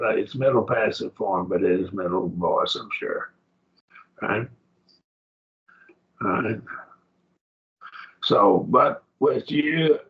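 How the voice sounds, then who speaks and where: A man's voice: on the low side, muffled recording. A man teaching a college-level Bible study class, taking his time as he works through Greek grammar point by point and checking in with his students.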